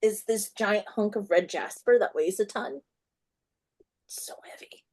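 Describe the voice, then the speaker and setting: Animated, laughing woman author. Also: mid-range voice, normal speed. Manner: animated storyteller, laughs often. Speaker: author guest. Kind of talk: casual interview chat.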